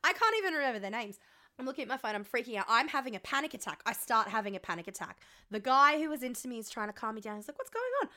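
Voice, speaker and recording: A woman's voice: fairly high pitch, lively intonation, rapid-fire, pushed and bright. A woman co-hosting a podcast, telling a story in casual chat, rambling with ums and swearing. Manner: rambling, frequent ums, swearing, self-mocking. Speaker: podcast co-host.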